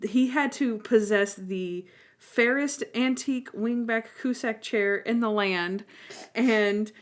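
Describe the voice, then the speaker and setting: A woman's voice: on the high side, slow pace. A woman co-hosting a podcast in casual chat, rambling through recaps of scenes and quoting lines as she goes. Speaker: podcast co-host.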